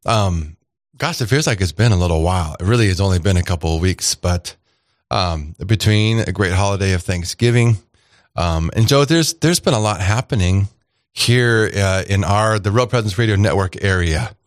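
A man hosts a radio talk show in a lowish voice. He talks in a loose, rambling way, full of fillers and restarts. The studio sound is dry and close, with no room echo. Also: normal speed. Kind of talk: casual radio chat.

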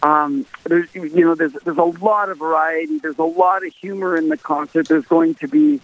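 A man's voice: on the high side, big pitch swings, moderate pace, vocal fry, no room sound. A male musician, a guest in a phone interview, telling stories with emphatic repetition. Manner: emphatic, repeats for stress. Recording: tinny dry phone line.

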